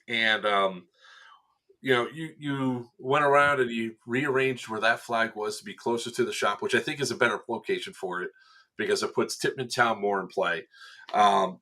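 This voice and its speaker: Speaking at a medium pitch and moderate pace, a man who was on event staff recounts a game in a relaxed podcast conversation. He's an animated storyteller, voicing people's quotes and laughing as he goes.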